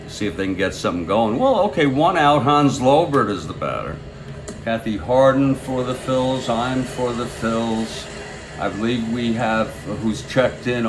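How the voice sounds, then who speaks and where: A man calls a tabletop baseball replay in a relaxed, chatty way, drifting into asides between pitches. He talks slowly, but his voice swings widely in pitch and jumps up with excitement on a big play. A faint hiss of noise sits under his voice. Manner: rambling and easygoing, bursting into excitement on big plays.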